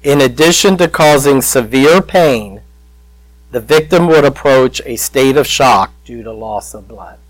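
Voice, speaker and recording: Man preaching a sermon, slow and emotional with dramatic pauses; dry, close mic. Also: medium pitch, lively intonation, no room sound, low-quality recording.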